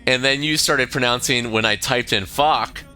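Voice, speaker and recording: A man's voice: medium pitch, normal speed, pushed and bright, soft background music. An American man in his thirties, chatting on a stream, rambling with lots of fillers and swearing freely. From United States. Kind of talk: casual stream chat.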